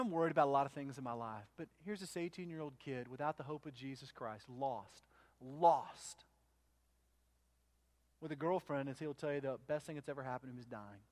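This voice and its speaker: A male pastor telling a personal story in a sermon, speaking conversationally with many restarts and quoting both sides of the conversation. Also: mid-range voice. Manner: conversational, restarts and quotes himself. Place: church.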